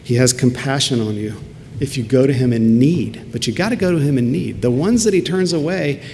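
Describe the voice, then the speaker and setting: Earnest preacher in an echoing hall. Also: male voice, mid-range voice, fairly quick, a little mellow, slight background noise. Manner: earnest, rises to emphatic peaks. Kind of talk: sermon. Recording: long hall reverb, faint ambience.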